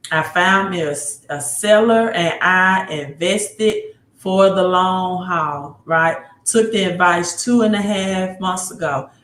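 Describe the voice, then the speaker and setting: A woman with a Mississippi accent hosting a casual livestream, talking excitedly, repeating herself and answering viewer comments. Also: lowish voice. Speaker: livestream host. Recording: roomy echo.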